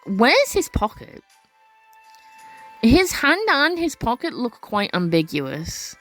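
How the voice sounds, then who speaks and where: Reading a story game aloud as a let's play narrator, this woman takes it slowly, her fairly high, somewhat bright voice swooping wildly in pitch. She's chatty, stumbles on words, and keeps correcting herself while faint music plays behind her.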